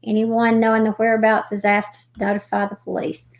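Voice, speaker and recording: A woman hosting a live stream, reading missing persons reports aloud haltingly, with folksy chatty asides. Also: a little high, monotone. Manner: reads haltingly, stumbling over names and restarting.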